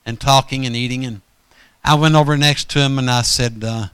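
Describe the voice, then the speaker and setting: A man's voice: mid-range voice, steady tone, a little fast, fairly bright tone, clear, resonant tone, dry recording. A man preaching a storytelling sermon in a folksy, rambling way, often correcting himself mid-sentence.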